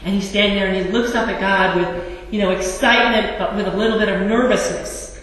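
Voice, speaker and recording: A woman's voice: mid-range voice, steady tone, brisk, a bit bright. A woman pastor preaching a sermon in a church, conversational and wry, with asides to the congregation. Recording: echoey church hall, distant mic.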